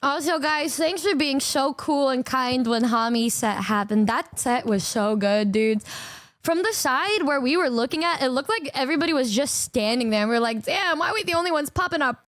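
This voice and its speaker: A woman streamer chatting casually to her fans, excitable and giggly, swearing freely. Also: sits high, moderate pace, no echo. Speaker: singer and streamer.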